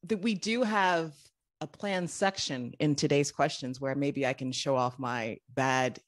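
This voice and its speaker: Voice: medium pitch, unhurried. A podcast host interviewing a guest in a playful, casual way, laughing often.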